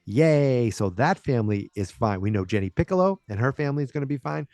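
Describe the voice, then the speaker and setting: A man's voice: mid-range voice, expressive, brisk, a little mellow, dry recording, studio quality. A man hosting a podcast, casually recapping an episode in a rambling way with lots of fillers and restarts. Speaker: podcast host.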